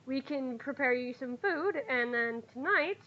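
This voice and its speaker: A woman voicing a male wolf commander who talks in a calm, measured, formal way. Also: high-pitched, muffled recording.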